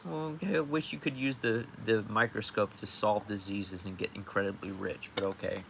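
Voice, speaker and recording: At normal speed, a man with a lowish, steady, fairly bright voice and some vocal fry reads along on a livestream, with a little hiss or hum audible. He sounds drowsy and rambles casually, restarting lines, veering off topic, and swearing in quoted outbursts.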